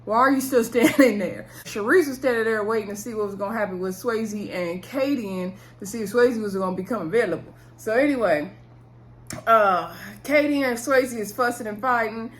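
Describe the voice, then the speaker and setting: A woman's voice: a little high, normal speed. A young adult woman recapping a reality show in a casual, gossipy way, laughing and acting out what people said. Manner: gossipy, laughs and acts out quotes.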